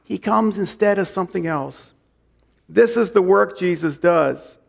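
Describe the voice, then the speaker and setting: A man's voice: high-pitched, a little slow, vocal fry. A man preaching a sermon as pastor, reading scripture and repeating key lines for emphasis. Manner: reads scripture aloud.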